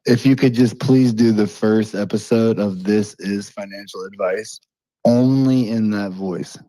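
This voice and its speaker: A man's voice: fairly low pitch, measured pace, mellow, no echo, low-quality recording. A man co-hosting a casual podcast, rambling with many fillers. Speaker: podcast co-host. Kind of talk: casual panel chat.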